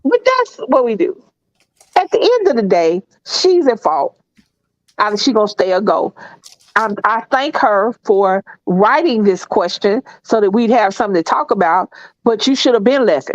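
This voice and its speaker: A woman's voice: medium pitch, big pitch swings, normal speed, no echo, muffled recording. A woman with a Southern US accent co-hosting a casual chat, blunt and opinionated, stretching words out for emphasis. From American South. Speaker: co-host.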